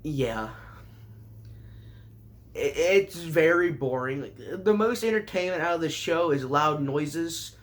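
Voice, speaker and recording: A man recapping an anime season in a sarcastic, rambling way, with sudden jumps in pitch. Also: animated, takes it slowly, pauses often, a bit bright. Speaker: anime reviewer.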